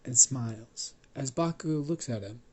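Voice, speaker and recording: A man's voice: medium pitch, normal speed, a little mellow, slightly rough. A man improvising a fan story aloud, rambling with restarts and swearing.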